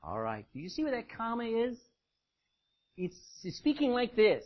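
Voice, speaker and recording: A male preacher with a husky, breathy edge delivers an emphatic, lively sermon, his pitch swinging up and down as he drives each point home. He calls on members of the congregation by name to read passages aloud. The recording is dull and lo-fi. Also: normal speed. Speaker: preacher teaching a Bible study. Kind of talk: interactive sermon.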